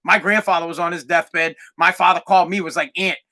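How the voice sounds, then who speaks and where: A man hosting his own podcast, ranting crudely and excitably with lots of swearing. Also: a little high, brisk. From United States. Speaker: podcast host. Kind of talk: profane ranting monologue.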